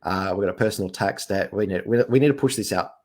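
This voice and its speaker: A man, telling his business story in a casual, animated way and acting out what others said. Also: deep voice, fast. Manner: animated, acts out quoted voices. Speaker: business owner guest.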